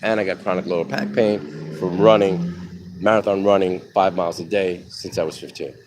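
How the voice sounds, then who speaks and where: A middle-aged man with a deep, low voice tells a personal story live, candid and rambling, swearing freely. He is outdoors by a street, speaking into a phone, and passing vehicles rumble clearly behind him. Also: steady tone, brisk.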